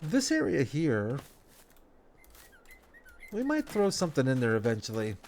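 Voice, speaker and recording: A man, sounding stuffed up, giving relaxed, rambling commentary over a game as a let's play host, talking half to himself with folksy phrases. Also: mid-range voice, a little slow, slight background noise. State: stuffed up nose. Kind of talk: casual gameplay commentary.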